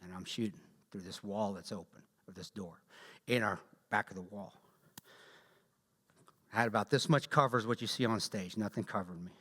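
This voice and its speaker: A man with a Southern drawl, speaking as guest speaker and telling his story to a church audience in a blunt, joking, animated way. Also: lowish voice, normal speed, long pauses. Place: large church hall. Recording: long echo of a large church hall.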